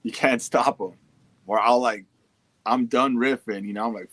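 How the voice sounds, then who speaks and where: A man's voice: lowish voice, steady tone, normal speed, a bit bright, no room sound. A young man chatting casually on a livestream, reading out fan messages in a laid-back, slangy and profane way.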